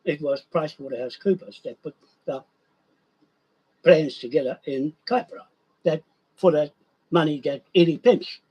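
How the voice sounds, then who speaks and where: A man's voice: a little high, moderate pace, pauses often, warm tone, breathy edge, lo-fi sound. An older man, ranting in a rambling monologue and repeating himself. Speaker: vlogger.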